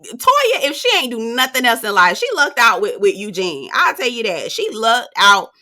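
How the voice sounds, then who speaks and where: A woman reviewing a reality show in a casual, animated, gossipy way, talking straight to her viewers. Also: moderate pace. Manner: animated and gossipy, acting out quoted people in a high voice.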